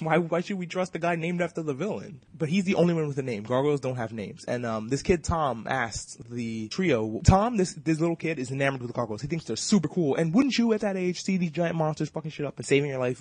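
A man hosting a casual podcast, recapping a cartoon episode in a fast, profane, joking way. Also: on the high side, darkish tone, no echo.

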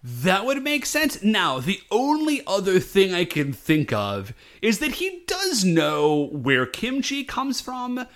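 A man co-hosting a casual chat, telling the story in an animated, incredulous way. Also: sits high, takes it slowly, few pauses. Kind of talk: casual chat recapping a show.

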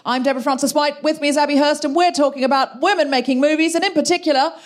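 Woman, podcast host, witty and emphatic, live stage, quick delivery. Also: high-pitched, steady tone. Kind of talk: live comedy podcast hosting. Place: live venue before an audience.

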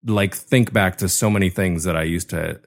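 A man's voice: low-pitched, normal speed, creaky. A man in casual conversation, an attentive listener who often chimes in with agreement.

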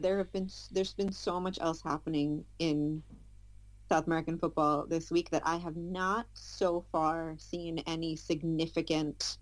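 A woman's voice: sits low, no room sound. A woman talking as a football pundit on a casual podcast, scattered and self-deprecating with restarts. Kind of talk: casual panel chat.

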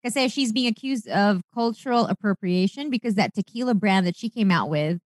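Female co-host, Filipino accent, mid-pitched, Taglish banter, dry close-miked sound. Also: a little fast, no room sound. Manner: Taglish code-switching, chatty, laughs often. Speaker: podcast co-host. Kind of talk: casual celebrity gossip chat.

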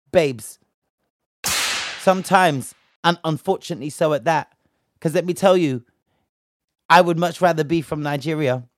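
A man's voice: fairly high pitch, dry recording. Heated young british guy from bristol, slangy rant, dry close sound. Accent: British English. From Bristol, England. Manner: indignant, heated, slangy, emphatic. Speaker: commentator. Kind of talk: opinionated commentary rant.

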